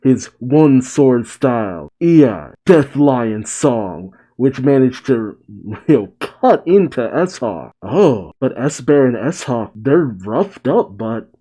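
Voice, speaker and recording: Mellow-voiced man chatting and laughing. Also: medium pitch, lively intonation, slow pace. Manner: laughs often and chats between read-aloud lines. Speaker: comic reaction host. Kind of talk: casual read-along reaction.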